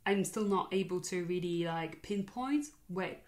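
A young woman in her twenties chatting casually, thoughtful and halting, with many fillers and restarts. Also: on the low side. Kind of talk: casual chat.

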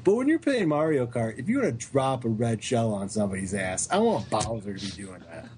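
A man co-hosting a casual sports podcast, joking and ranting with animated energy. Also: medium pitch, fairly quick, slight background noise. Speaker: podcast co-host.

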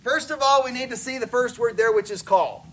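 A man's voice: extremely high pitch, fairly quick, fairly bright tone. A man preaching as a missionary, folksy and joking as he tells stories from the pulpit. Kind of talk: sermon with stories.

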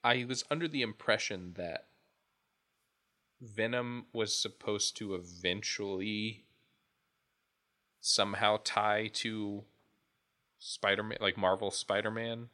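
Male podcast co-host, deep but bright tone, loose rambling delivery. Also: fairly even intonation, takes it slowly, long pauses. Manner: rambling, restarts thoughts often. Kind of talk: casual chat.

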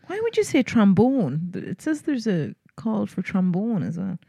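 A woman's voice: mid-range voice, big pitch swings, normal speed, gravelly, warm tone, husky, no room sound. A young woman co-hosting a podcast in casual chat, talking on in a loose way with frequent laughs and sentences she leaves unfinished. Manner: chatty, laughs often, trails off mid-sentence. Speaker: podcast co-host.

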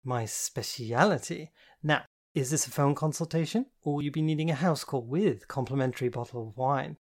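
A woman's voice: extremely low pitch, moderate pace, a little mellow. A woman voicing a bubbly, theatrical woman friend who teases and takes charge, in a storybook reading. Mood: commanding. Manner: teasing, theatrical, gleeful. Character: bubbly flamboyant woman friend, teasing counsellor.

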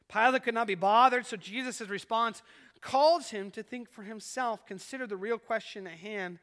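A man's voice: high-pitched, unhurried, bright, forceful tone. A man preaching a sermon as pastor, earnest and swelling and dropping in volume as he retells a scene. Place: church sanctuary. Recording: echoey church hall.

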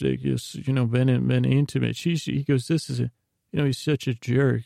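A man's voice: mid-range voice, fairly even intonation, brisk, gravelly, mellow, dry recording, clean studio sound. A man hosting a sleep podcast, retelling a TV episode in a meandering bedtime ramble full of restarts and asides. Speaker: podcast host.

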